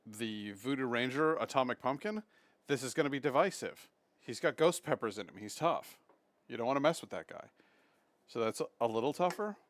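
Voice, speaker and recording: A mid-range male voice, fairly quick and free of echo, carries a casual home live stream. He chats with viewers and now and then slips into excitable baby talk with his dog.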